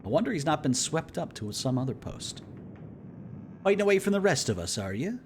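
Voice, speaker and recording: A man's voice: fairly high pitch, big pitch swings, fairly quick, darkish tone, a little hiss or hum, pitched above the performer's own voice. A man voicing a polite young male ship's officer who speaks courteously and with mild curiosity. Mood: curious.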